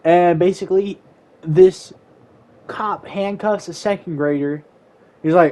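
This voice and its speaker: A man's voice: high-pitched, takes it slowly, pauses often, a little mellow. A young man casually telling a story time while gaming, rambling with lots of "like"s. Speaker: YouTuber.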